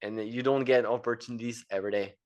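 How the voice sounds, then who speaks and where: A man's voice: mid-range voice, fairly even intonation, quick pace, darkish tone. A French man in his thirties, a podcast guest speaking English with a French accent, rambling with many fillers and repeated words. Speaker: podcast guest, engineer and entrepreneur. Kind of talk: casual interview chat.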